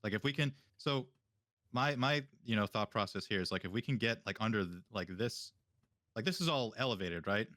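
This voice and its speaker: A man's voice: lowish voice, lively intonation, brisk, fairly bright tone, dry recording, clean studio sound. A man playing a tabletop game, talking casually, rambling with fillers and the odd swear word. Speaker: player.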